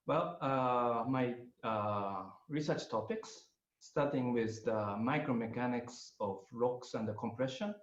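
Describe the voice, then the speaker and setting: An older man with a Japanese accent, speaking English as a second language, gives a webinar lecture with frequent pauses and fillers. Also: medium pitch. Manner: hesitant, many pauses and fillers. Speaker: guest lecturer. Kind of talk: webinar presentation. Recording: roomy, slightly muffled audio.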